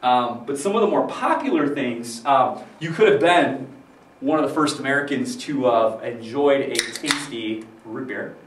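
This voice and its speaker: A man's voice: medium pitch, measured pace. Joking guy teacher rambling through a history lesson, sounds far from the mic, roomy echo, faint hiss. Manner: chatty, joking, loose with fillers. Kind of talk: casual recorded history lesson. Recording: roomy, distant mic with faint background noise.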